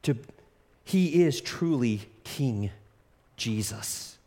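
Brief: male preacher, lively pitch, emphatic sermon, reverberant hall. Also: extremely slow. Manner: animated, emphatic, addresses listeners as friend.

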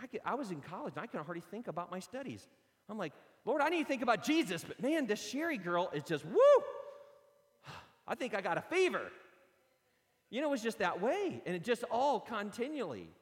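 A man preaching a sermon, telling lively personal stories and acting them out. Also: high voice. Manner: animated storytelling, acts out his own stories. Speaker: pastor. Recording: long hall reverb.

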